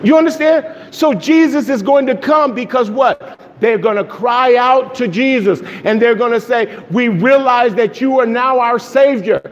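High-voiced man preaching in an echoing hall. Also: normal speed, highs cut off. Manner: excited, emphatic, asks the listeners questions. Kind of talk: sermon. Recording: long echo of a hall, faint noise.

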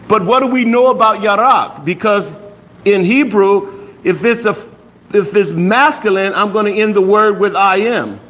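A man's voice: high voice, a bit bright, low-quality recording. A man teaching a language class in a patient, explaining way, often stopping to check that students follow. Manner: patient, checks understanding with frequent "okay?". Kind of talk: classroom lesson.

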